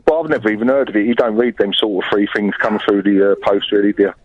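Quick-talking male caller on a dull phone line. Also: lowish voice. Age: 40s. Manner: easygoing, matey, rambling storyteller. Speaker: radio caller. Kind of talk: casual chat on a phone-in.

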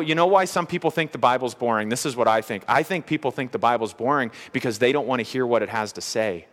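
A man's voice: medium pitch, a bit bright. Earnest male pastor in a reverberant hall. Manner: earnest, conversational preaching with emphatic repetition. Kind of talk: expository sermon. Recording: long reverb of a large hall.

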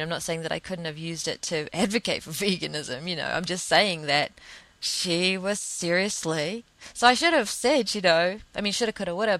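A woman's voice: on the low side, sharp tone, no echo, poor audio. A young woman hosting a podcast, talking in a casual, reflective monologue that rambles earnestly through fillers and restarts. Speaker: podcast host.

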